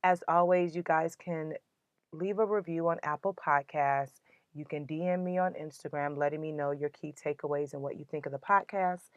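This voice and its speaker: A woman's voice: low-pitched, fairly even intonation, moderate pace, no room sound, dull audio. A woman hosting a motivational podcast, talking in an earnest, emotional and uplifting way. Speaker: podcast host.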